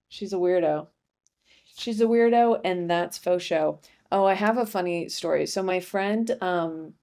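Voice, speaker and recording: Hosting a comedy podcast, a young woman with a lowish voice rambles casually through a monologue. She drops deadpan asides and keeps cutting herself off.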